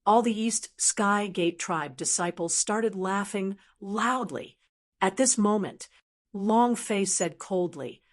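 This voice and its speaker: A woman narrating a fantasy audiobook in a steady, even storytelling manner. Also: mid-range voice, slow. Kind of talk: scripted narration.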